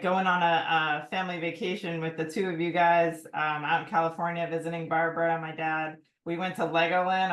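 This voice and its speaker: A woman's voice: on the low side, fairly bright tone. A woman hosts an online memorial over a video call, her voice echoing in the room around her. She talks in a chatty, easygoing way and says "like" a lot. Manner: chatty, laughing, uses "like" often. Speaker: memorial host. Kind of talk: casual chat.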